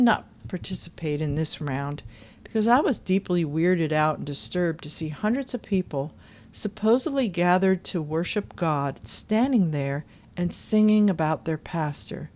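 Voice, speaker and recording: A woman with a lowish voice reads forum posts aloud. She breaks in often with pointed, indignant commentary and sometimes sings a snatch of a chorus. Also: normal speed, darkish tone. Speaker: channel host reading forum posts.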